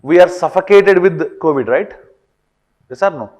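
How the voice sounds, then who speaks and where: Male teacher with a high voice; lectures in a classroom, checking in with the class often. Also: normal speed, lo-fi sound. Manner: frequent fillers and checks like "right or wrong?".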